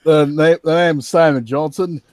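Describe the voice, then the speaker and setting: A man's voice: a little high, steady tone, moderate pace, darkish tone, dry recording, close to an everyday voice. A man voicing a young male university student, dreamy and flustered, with a put-on English accent and a stammering, pleading way of talking.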